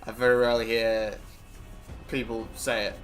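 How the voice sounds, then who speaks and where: A man, a game streamer chatting casually and rambling excitably, swearing freely as he talks to friends while he plays. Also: medium pitch, moderate pace, faint music behind. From England. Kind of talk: casual chat while gaming.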